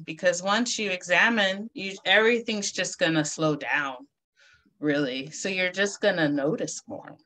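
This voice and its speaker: Woman with a lowish voice, animated and candid, acts out quoted voices in a casual chat. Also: moderate pace. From Caribbean heritage, raised in the US.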